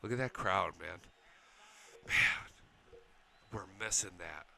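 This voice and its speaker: A man, chatting casually as a sports channel host and reacting like an excited fan to game highlights. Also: slow pace, gravelly. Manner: excited fan, swears, talks back to the footage.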